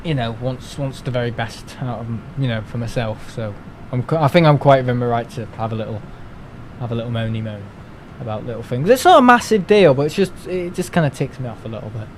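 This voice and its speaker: A man's voice: mid-range voice, a little fast, darkish tone, a little hiss or hum, poor audio. A young man, chatting casually on a live stream, rambling and grumbling as he talks. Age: young adult. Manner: rambling, grumbling, mimics other people in asides.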